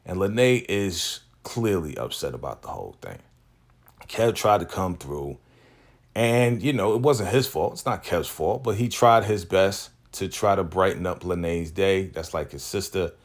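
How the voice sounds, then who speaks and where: A man with a deep, low-pitched voice walks through a TV episode in a relaxed recap. His talk is loose and full of slang, and he acts out the characters' lines as he goes. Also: unhurried. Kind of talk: casual spoken recap commentary.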